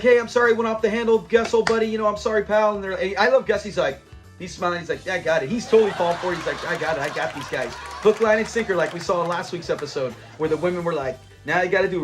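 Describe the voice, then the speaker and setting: A high-voiced man who hosts a show review channel chats casually about a sitcom episode he loves. He quotes the characters' lines, bursts into laughter, and delivers it all with animated, playful mimicry.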